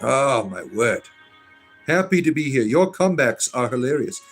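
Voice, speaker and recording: A man's voice: medium pitch, very animated, normal speed, fairly bright tone, soft background music. A man with a Southern US accent hosting a livestream, reading chat comments aloud in a rambling, hesitant way full of uh's and restarts, sarcastic and defiant in his answers.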